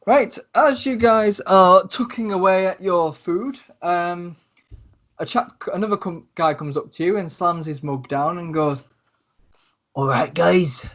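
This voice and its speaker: A man's voice: sits high, a little slow, fairly bright tone, muffled recording. A man narrating a tabletop game as game master, chatty and rambling.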